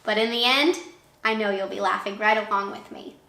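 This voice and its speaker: A woman teacher reading a picture book aloud to young children in an expressive way, pausing to ask them questions. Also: mid-range voice, vocal fry. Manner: warm, expressive, asks questions of young listeners. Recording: echoey room.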